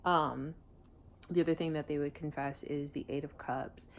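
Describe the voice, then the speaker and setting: Low-voiced woman reading tarot. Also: fairly even intonation, normal speed, a little hiss or hum. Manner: blunt, emotional, swears freely. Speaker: tarot reader. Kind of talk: casual tarot reading to camera.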